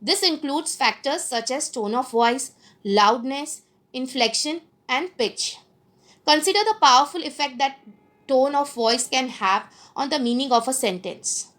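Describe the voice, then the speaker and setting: A woman, a teacher giving a recorded lecture, explaining points slowly and repeating them with fillers. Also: high voice, a bit bright.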